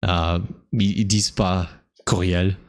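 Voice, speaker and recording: A young American man streaming a game, rambling and thinking aloud in a halting way. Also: low-pitched, level tone. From United States. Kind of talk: casual gameplay commentary.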